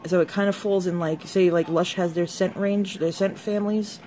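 Chatty, excitable woman vlogger. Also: on the low side, normal speed. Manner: chatty, excitable, gushes over products. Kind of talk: casual unboxing vlog.

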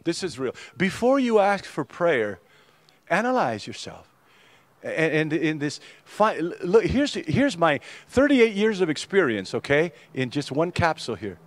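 An older man, a pastor, preaching a sermon in a church, animated and joking with some irony and many restarts. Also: on the high side, measured pace, no echo. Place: church sanctuary.

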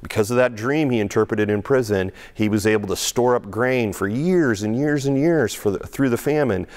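A man's voice: moderate pace, a little mellow. A middle-aged male pastor preaching a conversational sermon, often restarting and repeating words, and acting out quotes in a raised voice. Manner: acts out quoted speech with raised pitch.

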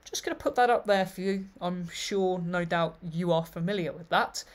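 A man's voice: high voice, moderate pace. Guy doing a video lecture on old texts, reads bits out and picks them apart. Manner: reads passages aloud and comments on them. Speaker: literary researcher presenting a thesis.

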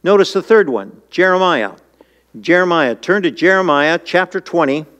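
A man's voice: animated, normal speed, a bit bright. A man preaching a sermon as pastor, reading scripture and asking the congregation questions in an earnest manner. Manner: voice jumps high and urgent when paraphrasing scripture. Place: church.

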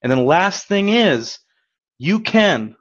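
A man's voice: sits high, sing-song, slow pace, lo-fi sound. A man giving a webinar as a coach, talking in an upbeat, encouraging, conversational way, often checking in with "right?". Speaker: credit repair coach. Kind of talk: webinar presentation.

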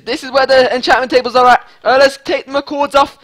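A man giving excited gameplay commentary as a channel host, stammering and swinging between shouts and whispers. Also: very high-pitched, a little fast, hardly any pauses.

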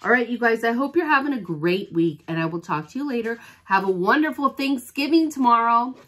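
A woman's voice: a little high, lively intonation, fast, a bit bright. A woman chatting casually in an unboxing vlog as a home-fragrance consultant, rambling and gushing to her viewers like a devoted fan.

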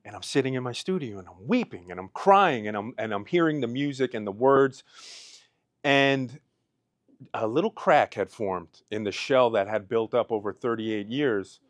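A man's voice: medium pitch, lively intonation, normal speed, dry recording. A man in his thirties tells his personal story to an audience at a business event. His voice sits in a middle register and is caught close and dry. He is emotional and holds back tears between his phrases. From Pennsylvania. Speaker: speaker. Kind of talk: personal testimony speech. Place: event hall.

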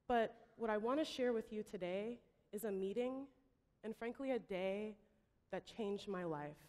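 A woman giving a pitch talk, telling a story dramatically and acting out the voices she quotes. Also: a little slow, warm tone. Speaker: startup founder pitching. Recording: long hall reverb.

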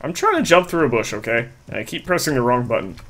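A man's voice: mid-range voice, lively intonation, fast, a bit bright. A man casually chatting and joking while he streams a video game, talking to his chat and a friend. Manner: joking, loose, talks to chat while playing.

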